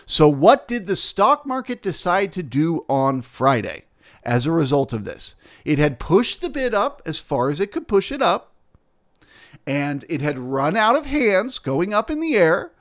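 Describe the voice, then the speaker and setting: Man, trading educator, somewhat high voice, rhetorical questions, checks in with "okay?". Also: very animated, measured pace. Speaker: futures trader and trading educator. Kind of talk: explanatory market lesson.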